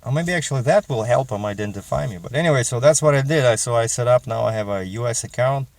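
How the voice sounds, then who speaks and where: A man's voice: mid-range voice, quick pace, dry recording. A middle-aged man with a Russian accent, chatting in a casual vlog as a truck driver and rambling with many fillers and restarts.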